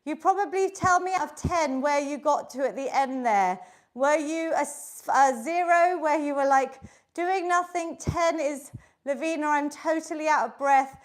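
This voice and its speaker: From her home, a woman fitness instructor with a high-pitched voice leads a live online workout class. She exercises along with the group at a measured pace, upbeat and encouraging as she calls out counts and cues.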